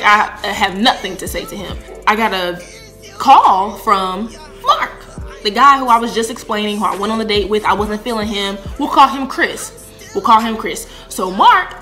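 Bright-voiced young woman telling a story. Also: mid-range voice. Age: 20s. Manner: animated storyteller, acts out dialogue. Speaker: vlogger. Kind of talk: storytime vlog.

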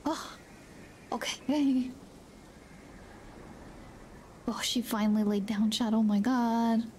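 A woman streamer chatting casually with her viewers while gaming, soft-spoken and giggly. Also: on the high side, little pitch movement, slow, slight background noise.

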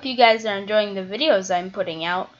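Heard through a dull lo-fi microphone, this woman speaks a little fast in a mid-range voice. She's a gaming creator offering relaxed commentary, musing aloud as she plays and frequently leaving thoughts unfinished.

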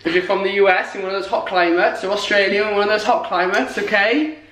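A man's voice: high-pitched, steady tone, fast, fairly bright tone. Easygoing young British man. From United Kingdom. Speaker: vlogger. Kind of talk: casual chat. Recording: echoey room with faint noise.

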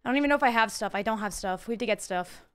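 A young woman streaming a game, chatting casually with her viewers in excitable bursts. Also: mid-range voice, rapid-fire, clean tone. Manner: chatty, talks to chat, excitable exclamations. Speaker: live streamer. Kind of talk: casual live-stream chat.

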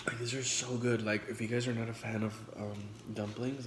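A man's voice: mid-range voice, flat delivery, fairly quick, few pauses. A man in his twenties chatting casually in slang while eating on camera, swearing freely. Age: 20s. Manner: laid-back slangy talk with frequent swearing; talks between bites while eating. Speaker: vlogger. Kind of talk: casual mukbang chat. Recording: echoey room with noise.

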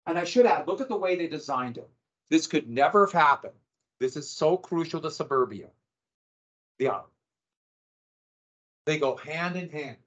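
Wry, higher-voiced male teacher lecturing. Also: lively intonation, normal speed, pauses often, a bit bright. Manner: conversational, wry and sarcastic asides. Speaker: high school history teacher. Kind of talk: classroom lecture. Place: classroom. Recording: dull lo-fi classroom recording.

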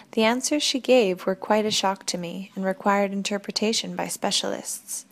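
A woman reading a first-person audiobook narration in a steady, even storytelling manner. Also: medium pitch, creaky.

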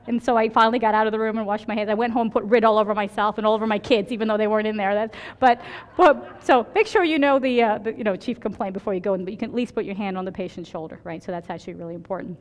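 Fast-talking woman lecturing in a hall. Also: mid-range voice, fairly even intonation. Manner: chatty, storytelling, keeps asking "right?". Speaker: emergency physician lecturer. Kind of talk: conference lecture with anecdotes.

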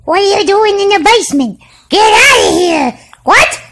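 A woman voicing a sassy, foul-mouthed little pug dog in a comic pet voice-over, with a drawn-out, bossy baby-talk manner. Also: extremely high pitch, lively intonation, loud music behind the voice, voice pushed up.

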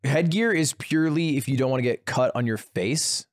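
A man's voice: medium pitch, moderate pace, no room sound, studio quality. A young man co-hosting a casual podcast, rambling through stories and acting out the voices of the people in them. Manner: rambling storyteller, acts out quoted voices. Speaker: podcast co-host. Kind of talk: casual chat.

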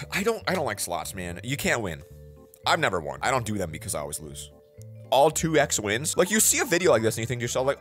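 Fast-talking, wildly animated young man. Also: medium pitch. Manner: animated, jokey, talks straight to viewers with slang. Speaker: reaction video host. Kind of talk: casual reaction commentary.

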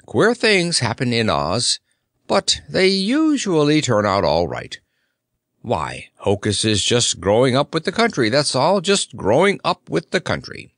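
A man's voice: mid-range voice, huge pitch swings, unhurried, fairly bright tone, dry recording, studio quality, exaggerated voice. A man voicing a timid but kindly male lion in a storybook reading. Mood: soothing. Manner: roaring, then soothing.

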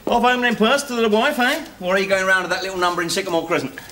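A man's voice: high voice, bright, forceful tone, a little hiss or hum. An actor in his forties playing a wry, cheeky ex-convict father in a 1970s British sitcom, teasing and sardonic. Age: 40s. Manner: sardonic, teasing, quick with jokes. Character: wry middle-aged male ex-con, cheeky joker. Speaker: ex-convict father going straight.

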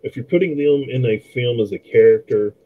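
Over a thin, phone-like connection, a middle-aged man offers loose movie commentary as a podcast co-host. He speaks at medium pitch and fairly quickly, frequently using fillers and starting sentences over.

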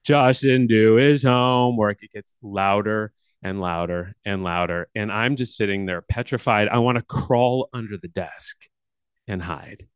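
Animated male storyteller, dry sound. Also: measured pace, smooth, dry recording. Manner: animated storyteller with big swings in pitch and loudness. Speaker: workshop leader. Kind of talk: personal storytelling talk.

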